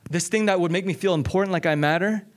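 A man with a notably high voice leads a teaching sermon. His delivery is energetic and conversational, and he keeps checking in with his listeners. He hammers points home by repeating whole lines. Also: fast talker. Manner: repeats phrases for emphasis. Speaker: pastor.

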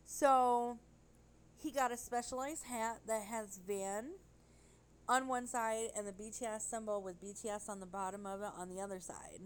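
A woman telling a rambling, animated story in casual chat. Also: medium pitch, normal speed, a little hiss or hum, poor audio.

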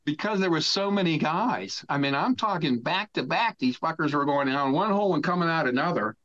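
A man in his sixties, a podcast guest, telling a long story in a casual, animated way. He swears freely and shouts out the lines he quotes. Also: a little high, brisk, muffled recording.

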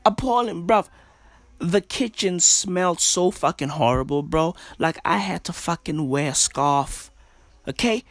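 Slow, hushed man ranting. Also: a little high, no room sound. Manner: slangy, profane, repetitive rambling. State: speaking in a hushed half-whisper. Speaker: podcaster. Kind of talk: casual rant. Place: own bedroom at home.

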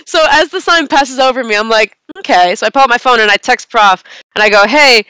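A young woman on a casual podcast, telling a long story in an animated, rambling way with bursts of laughter. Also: fairly high pitch, brisk, clear, resonant tone. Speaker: podcast co-host.

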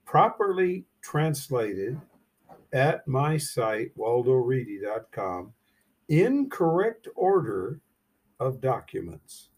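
Slow, husky man reading scripture. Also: mid-range voice, very animated, a little mellow. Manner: slow, deliberate reading with emphatic rhetorical questions. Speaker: Bible teacher. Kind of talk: verse-by-verse scripture commentary.

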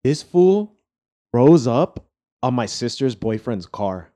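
A man's voice: mid-range voice, slow. A young man casually telling a rowdy party story to friends, swearing, laughing and acting out what people said. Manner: animated, laughing, swearing, acts out quotes.

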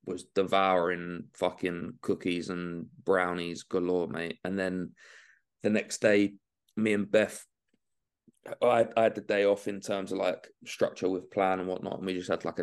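A young Englishman appears as a bodybuilding guest on a podcast, chatting casually in a very deep voice that stays low throughout. His delivery is relaxed, loose, smooth and a little slow, and he swears freely while calling people mate and man.

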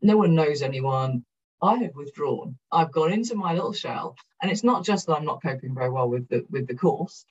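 A middle-aged woman from South Wales with a Welsh accent, giving a candid conference talk in a frank, energetic, self-deprecating way and swearing casually. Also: deep voice, normal speed. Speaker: keynote speaker. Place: conference room. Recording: muffled, husky, from a distance.

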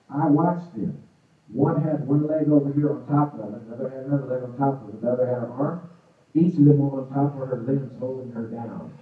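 A man's voice: mid-range voice, narrow, tinny audio. Guy preaching his story, acts out voices, sounds far off in a big echoey room over a phone-ish line. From Arizona, USA. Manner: animated storytelling with acted-out quotes. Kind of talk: sermon testimony.

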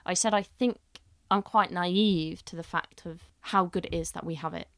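This young adult woman, a head chef, has a fairly low voice and speaks at a moderate pace, recorded clean in the studio with no room sound. She chats casually on a podcast as an animated storyteller, acting out quotes and swearing freely.

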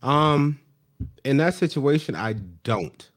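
Animated man recapping a show. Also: fairly high pitch, slow. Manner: animated, acts out quoted people in changed voices. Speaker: podcast co-host. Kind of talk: casual chat recapping a reality show.

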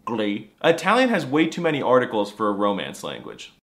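A man's voice: mid-range voice, huge pitch swings, a little fast, fairly bright tone. A man delivering a scripted comedy monologue in a mock-serious, snarky, exaggerated way. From United States. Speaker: comedy language creator.

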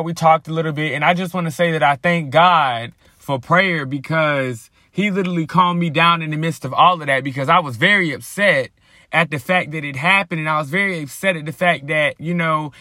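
A man's voice: fairly high pitch, pushed and bright, no echo, clean studio sound. A man hosting a podcast, telling a personal faith story in a casual, slangy way with many restarts. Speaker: podcast host.

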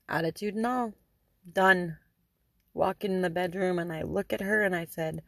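A middle-aged woman tells a story in a casual, chatty way, with lots of ums and dry sarcasm. Her voice sits low and has a gravelly fry. The sound is close and dry, with no room around it. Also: moderate pace, dry recording. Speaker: podcast host.

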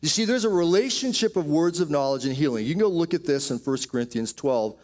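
A man's voice: fairly high pitch, animated, fast, a little mellow. A man preaching a sermon, telling healing stories in a storytelling way with quoted asides. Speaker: pastor. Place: church auditorium.

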